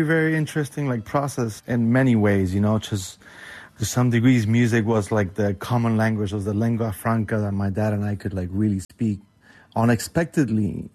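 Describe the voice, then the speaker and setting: A man's voice: lowish voice, a little mellow. A young man, a guest on the interview, speaking hesitantly with lots of filler words. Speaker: guest, son of the musician.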